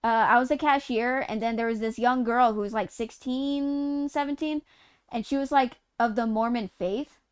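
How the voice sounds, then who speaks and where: Woman streamer from Utah, high and clear, loose rambling storyteller who swears and laughs through it. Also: steady tone, normal speed. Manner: rambling, profane, laughs mid-sentence. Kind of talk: casual live-stream chat while gaming.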